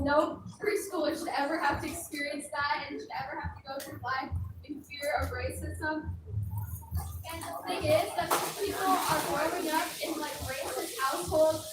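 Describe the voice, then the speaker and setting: A teenage woman giving an impassioned rally speech, earnest and emphatic with casual slang. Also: high-pitched. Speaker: rally speaker. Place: outdoor rally. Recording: loud outdoor crowd noise, echoey and far off.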